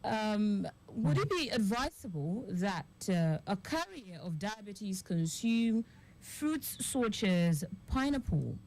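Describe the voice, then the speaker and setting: A woman's voice: medium pitch, sing-song, takes it slowly, darkish tone. A woman with a Nigerian English accent hosting a radio health interview, asking long, winding questions full of fillers. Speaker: radio show host.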